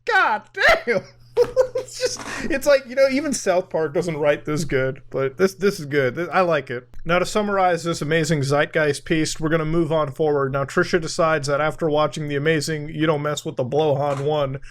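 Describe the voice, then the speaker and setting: A man's voice: a little high, lively intonation, normal speed, fairly bright tone. A man giving casual reaction commentary on a video, sarcastic and laughing often, with some swearing.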